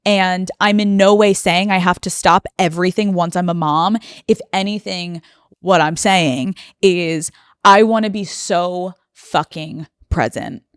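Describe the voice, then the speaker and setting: A lowish-voiced American woman in her thirties hosts a podcast and speaks with raw candor, using many fillers as she nears tears. The personal monologue is recorded with no room sound.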